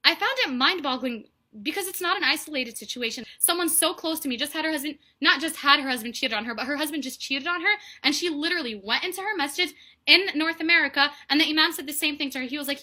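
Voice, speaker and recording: This young woman talks at a rapid clip in a high, lively register, her tone bright and sharp. She tells her story with mounting indignation and a steady stream of "like" fillers, like a personal vlog. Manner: indignant, heated, heavy on "like" fillers. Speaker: vlogger.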